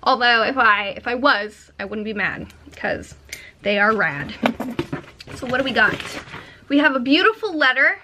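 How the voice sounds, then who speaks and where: A young woman, chatting casually to camera while opening fan mail, sassy and excitable, swearing freely. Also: fairly high pitch, moderate pace, slight background noise.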